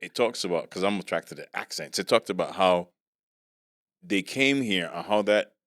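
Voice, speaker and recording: A man's voice: low voice, moderate pace, fairly bright tone. A man from Barbados hosting a podcast, chatting casually and animatedly, often repeating himself. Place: podcast studio.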